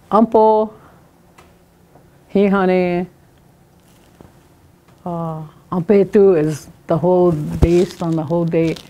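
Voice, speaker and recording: Slow, patient woman teaching a class. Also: on the low side, a little mellow. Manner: slow, patient, repeats words for students. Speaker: language teacher. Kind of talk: classroom lesson.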